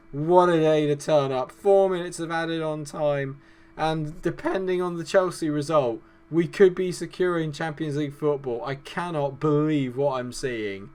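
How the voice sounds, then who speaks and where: Hoarse male gaming commentator, moody and excitable. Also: a little high. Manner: swings from glum muttering to shouting outbursts. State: hoarse, losing his voice. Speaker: gaming YouTuber. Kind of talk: excited live game commentary.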